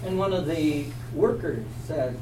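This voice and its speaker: A man's voice: fairly high pitch, animated, a little slow. A man teaching a Bible class, telling a story with animation and quizzing his listeners. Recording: echoey, from a distance, faint hum.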